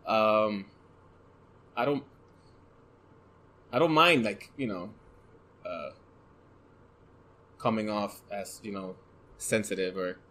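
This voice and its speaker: A man with a soft voice, a photographer guest talking casually and hesitantly, often searching for words. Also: on the low side, poor audio. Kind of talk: casual conversation.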